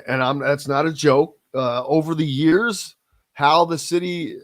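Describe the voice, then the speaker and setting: A man, hosting a casual sports radio talk show with drawn-out, emphatic, opinionated delivery. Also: on the high side, steady tone, fairly bright tone, no echo. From Southern Indiana.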